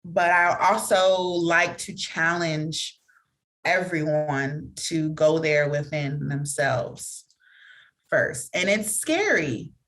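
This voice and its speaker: This woman speaks with a slightly low voice as a podcast guest, talking candidly about her own experience. She leans on fillers like "like" and "you know," and her delivery is earnest and reflective. She breaks into quick, animated impressions of other people as she tells stories. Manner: animated storytelling with quick acted-out quotes.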